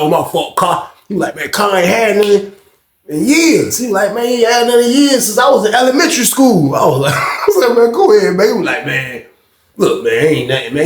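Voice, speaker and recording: Young guy telling a storytime, high gravelly voice, cussing a lot, echoey room. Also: slight background noise. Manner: animated, slang-heavy, swears freely. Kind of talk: casual storytime.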